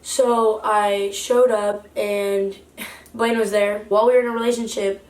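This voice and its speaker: A woman's voice: mid-range voice, level tone, moderate pace, creaky, darkish tone, recorded from a distance. A young woman vlogger telling a confessional storytime, rambling and heated, peppering her retelling with "like". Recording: echoey room, voice away from mic.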